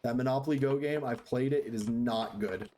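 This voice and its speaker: A man's voice: medium pitch, fairly quick, mellow, a little hiss or hum. A man streaming a game live from home, chatting casually, joking about himself and laughing often. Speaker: livestreamer. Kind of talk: casual live-stream chat while gaming. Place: home room next to a busy street.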